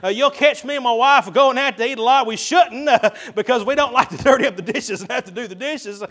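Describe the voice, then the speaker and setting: A preacher with a strikingly high voice works through his sermon. He talks like he's chatting with friends, chuckling often and stumbling over fillers and restarts. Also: brisk, a bit bright.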